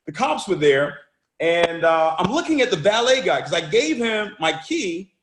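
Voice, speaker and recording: A man's voice: sits high, sing-song, normal speed, a bit bright. A man giving a motivational talk and telling a story, speaking energetically and often repeating words as he restarts phrases. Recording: roomy echo.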